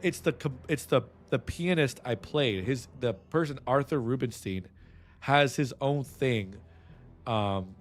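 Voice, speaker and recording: Rambling streamer guy. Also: medium pitch. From San Antonio, Texas. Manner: rambling, restless, swears freely. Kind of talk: casual stream chat.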